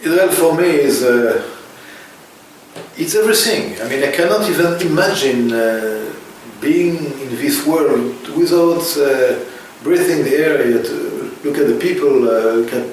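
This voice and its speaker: A man from France with a French accent, answering interview questions in halting, emphatic phrases that repeat words for stress. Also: medium pitch, animated, darkish tone, heavy reverb, recorded from a distance, slight background noise, poor audio. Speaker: interview guest.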